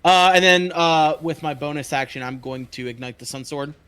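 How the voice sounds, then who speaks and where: A man's voice: fairly high pitch, moderate pace, sharp tone, clean tone. A man playing a tabletop game, thinking aloud and counting dice under his breath. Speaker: player. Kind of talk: casual tabletop game chat.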